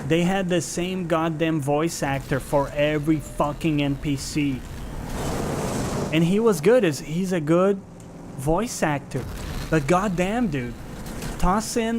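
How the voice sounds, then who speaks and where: A man's voice: on the high side, slow, background noise. A male game streamer giving casual, sarcastic, profane live commentary while playing and chatting with viewers.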